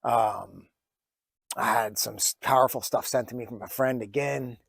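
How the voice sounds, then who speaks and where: A man's voice: mid-range voice, moderate pace, vocal fry, a bit bright, husky, no room sound. A man in his forties telling a personal story in a vlog, earnest and reflective, with many fillers and restarts, close to tears at times. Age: 40s. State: emotional, near tears at times. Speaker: vlogger.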